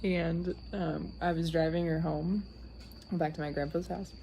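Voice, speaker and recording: A woman's voice: on the low side, fairly even intonation, measured pace, vocal fry, lo-fi sound, a little hiss or hum. A young woman casually telling a funny story, laughing often mid-sentence.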